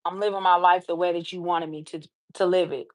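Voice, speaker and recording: A woman's voice: on the low side, steady tone, a little fast, no room sound. A woman hosting a livestream, earnestly retelling someone's story and often stopping to say "she said". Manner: earnest retelling with many repeated "she said" asides. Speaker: livestream host.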